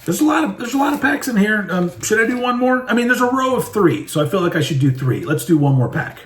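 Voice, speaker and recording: A man's voice: high voice, very animated, fast talker, fairly bright tone, far from the mic, a little hiss or hum. A man casually commenting while opening trading card packs, irreverent and swearing freely as he reads the cards aloud. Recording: roomy echo, voice a bit off mic.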